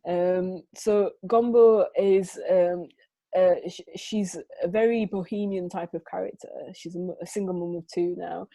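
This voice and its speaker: A woman, a photographer presenting her work in an interview, telling lively stories and acting out what people said to her. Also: lowish voice, a little slow, dry recording. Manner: lively storytelling, acts out quoted dialogue; frequent fillers and restarts. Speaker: photographer guest.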